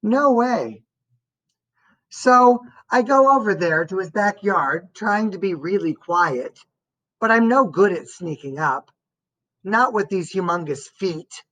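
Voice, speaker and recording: A woman reading a first-person story aloud as an audiobook narrator, in a slow and expressive way. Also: mid-range voice, poor audio.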